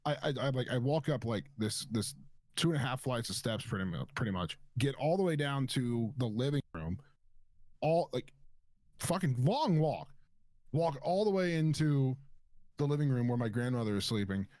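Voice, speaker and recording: A man's voice: mid-range voice, moderate pace, no room sound. Young man, casual storyteller, curses a lot, dry close mic. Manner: swears a lot, animated storyteller with many fillers.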